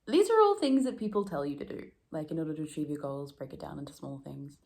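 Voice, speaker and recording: A woman's voice: low voice, lively intonation, fast, darkish tone. A woman vlogging at home in a rambling, self-deprecating casual chat, often laughing. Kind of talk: casual reflective vlog chat. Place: room at home.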